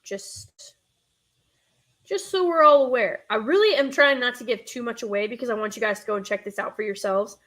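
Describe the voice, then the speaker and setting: A woman's voice: a little high, fast, few pauses, fairly bright tone. Chatty Northern US woman streamer. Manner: rambling, chatty, reads chat aloud, self-interrupting. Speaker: streamer hosting a nostalgia show. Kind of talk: casual live-stream chat.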